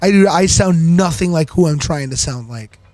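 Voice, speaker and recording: A man's voice: a little high, lively intonation, moderate pace, a little mellow. A man giving casual gameplay commentary, rambling, giggly and self-deprecating. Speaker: gaming channel host.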